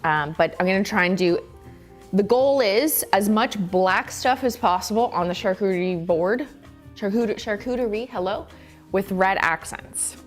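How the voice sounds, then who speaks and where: A woman's voice: medium pitch, normal speed, soft background music. A woman hosting a casual live-stream cooking chat from her kitchen, playful and giggly. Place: home kitchen.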